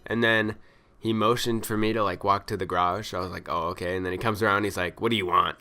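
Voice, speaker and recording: Low-voiced man ranting casually. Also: steady tone, pushed and bright, smooth. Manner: exasperated, complaining, acts out others in quick quotes. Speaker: vlogger. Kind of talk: casual storytelling rant.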